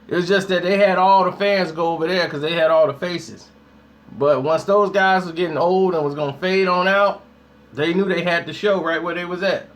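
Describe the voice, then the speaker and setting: A man's voice: high voice, steady tone, normal speed. A man hosting a casual live stream, talking straight to his viewers in a slangy, hyped way. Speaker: YouTube host.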